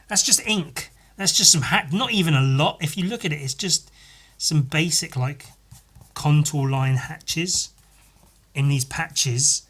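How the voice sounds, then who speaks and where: Sweary man hosting a podcast. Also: fairly high pitch. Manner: sweary, animated play-by-play storytelling. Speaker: podcast host. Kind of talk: casual solo podcast chat.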